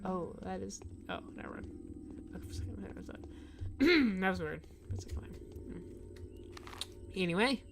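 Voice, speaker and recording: A woman's voice: mid-range voice, animated, moderate pace, pauses often, music in the background. A young woman casually commenting on a video game with laughing asides while reading its dialogue aloud. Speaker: gamer. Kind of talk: let's play commentary.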